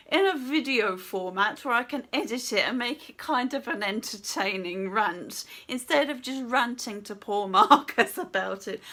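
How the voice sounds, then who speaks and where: Woman, gaming rant, sweary, exasperated, bright tense voice, a little high. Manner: exasperated, swears a lot, laughs often. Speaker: gaming vlogger.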